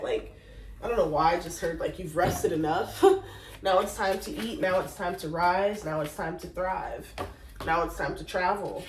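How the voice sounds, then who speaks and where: A woman's voice: on the low side, echoey room, recorded from a distance, a little hiss or hum, poor audio. A woman giving a casual spiritual tarot reading in a chatty, rambling way, now and then breaking into sung exclamations. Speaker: tarot reader.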